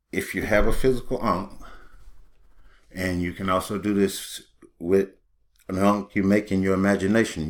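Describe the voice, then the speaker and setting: A man hosting his own small channel, talking loosely and guiding a meditation exercise, with many "you know" fillers. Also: deep voice. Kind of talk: unscripted spoken guidance.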